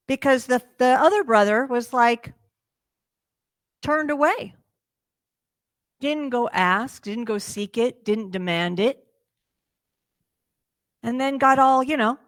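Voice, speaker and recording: Lady minister preaching slow and lively, kinda high voice, dry close sound. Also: no room sound. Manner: lively storytelling, acting out the characters' lines. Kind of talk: sermon. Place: church sanctuary.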